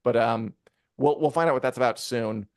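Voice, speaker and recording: A man co-hosting a live review show in casual chat, rambling and animated, with many fillers and acted-out quotes. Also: medium pitch, moderate pace, no room sound, studio quality. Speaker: podcast co-host reviewing a TV episode.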